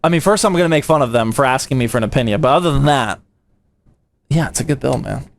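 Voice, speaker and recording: A man's voice: mid-range voice, expressive, quick pace, vocal fry. A young man from the United States, a PC building streamer, chatting casually with his live chat in a slangy, playful way.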